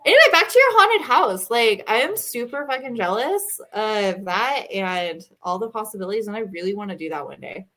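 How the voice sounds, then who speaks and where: A woman in her thirties co-hosting a casual podcast, telling stories with lively energy, swearing freely and acting out her kids' voices. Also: medium pitch, a little fast, few pauses. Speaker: podcast co-host. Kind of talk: casual chat.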